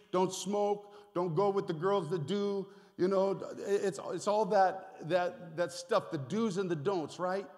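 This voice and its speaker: A man preaching a sermon as pastor, animated and conversational, with asides and repeated phrases. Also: high-pitched. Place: church sanctuary. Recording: reverberant hall.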